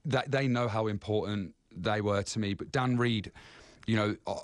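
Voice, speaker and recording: Earnest low-voiced man on radio. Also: no room sound, studio quality. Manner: earnest, repetitive, halting. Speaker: guest. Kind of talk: radio interview.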